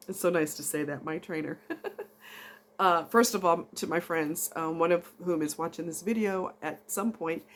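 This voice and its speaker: A woman chatting casually to camera in a rambling, emotional vlog. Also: on the low side. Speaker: vlogger.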